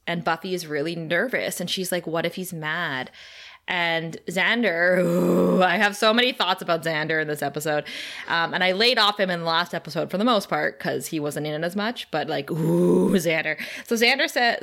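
A woman co-hosting a podcast, recapping an episode in animated casual chat, laughing often and swearing. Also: lowish voice, moderate pace. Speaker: podcast co-host.

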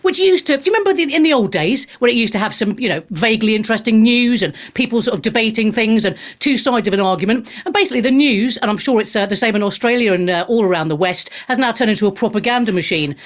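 A woman's voice: on the high side, lively intonation, quick pace, few pauses. A woman hosting a radio talk show, chatty and cheeky, laughing often and tossing off jokes. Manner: bubbly, jokey, cheeky asides, laughs often.

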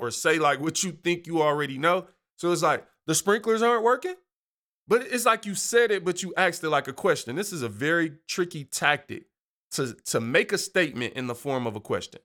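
A man hosting a show, telling a story in a casual, animated, slangy way and laughing often. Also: on the high side. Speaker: podcast host.

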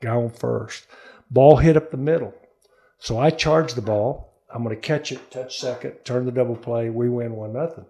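A man appears as a guest in a studio interview, telling a long personal story and acting out the voices of the people involved. He speaks at a normal speed with a medium-pitched voice.

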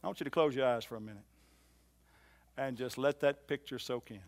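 A man preaching a sermon in a church, swinging from loud emphatic lines to soft low ones and repeating phrases for emphasis. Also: fairly quick. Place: church hall.

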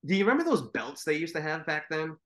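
A man's voice: fairly high pitch, very animated, fast talker, a bit bright. A man co-hosting a podcast, chatting casually and rambling with swearing. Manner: rambling, swears, mimics commentators. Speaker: podcast co-host. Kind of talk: casual chat.

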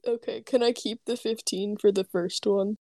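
A woman's voice: medium pitch, steady tone, normal speed, mellow, dry recording. A woman plays a tabletop game in a chatty, giggly way. Her voice sits mid-range and sounds dry and close to the mic. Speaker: player.

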